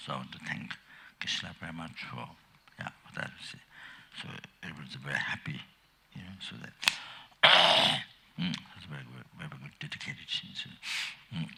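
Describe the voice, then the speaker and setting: An older man giving a Dharma teaching as a Buddhist teacher, speaking in a halting, rambling way with many fillers and restarts, and coughing often. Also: very deep voice, wildly swooping pitch, vocal fry, bright, forceful tone, husky.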